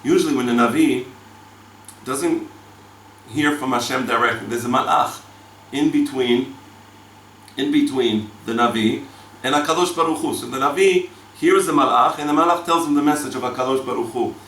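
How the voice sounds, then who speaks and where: A man teaching a Torah class, swinging between loud exclamations and hushed asides and weaving Hebrew terms into his English. His voice is bright and sits at a middling pitch. It sounds set back from the mic in an echoing room with a faint hiss. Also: moderate pace. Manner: dramatic, rhetorical questions, sweeping pitch for emphasis; sprinkles Hebrew terms and reads Talmud aloud. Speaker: rabbi teaching the weekly Torah portion. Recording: echoey room, mic at a distance.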